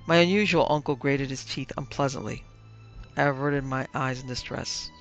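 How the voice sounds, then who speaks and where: A man narrating a comic horror story in an even, measured storytelling manner. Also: mid-range voice. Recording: dull lo-fi with faint music.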